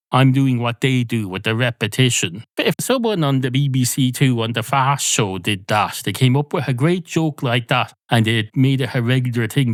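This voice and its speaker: A man's voice: medium pitch, no echo. A middle-aged Irish man hosting a podcast alone, rambling through a sardonic comic monologue. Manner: sardonic, rambling, puts on mock radio voices. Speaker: podcast host.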